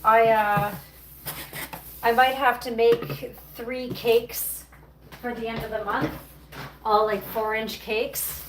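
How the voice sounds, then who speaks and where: A woman's voice: a little high, level tone, takes it slowly, pauses often. A woman hosting a casual livestream from her home kitchen, chatting to viewers in a rambling way while she bakes and tidies. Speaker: livestream host baking at home. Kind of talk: casual live-stream chat while working. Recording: roomy, distant, noisy kitchen sound.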